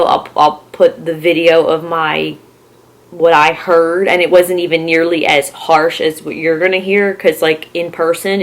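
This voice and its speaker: A woman's voice: lowish voice, fairly bright tone. A young woman from Philadelphia telling a rambling story on her vlog, with lots of "like" and swearing. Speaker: horror vlogger.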